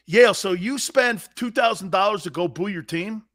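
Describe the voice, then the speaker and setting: A man with a high-pitched voice hosts a sports talk show in an animated, ranting style. He is loud and mocking, and he slips into angry fan impressions. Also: moderate pace.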